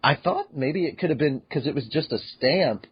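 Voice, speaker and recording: A man's voice: a little high, expressive, moderate pace, husky, dry recording, highs cut off. A man hosting a podcast who recaps a manga chapter in casual chat, acting out his own reactions and swearing freely. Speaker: podcast host.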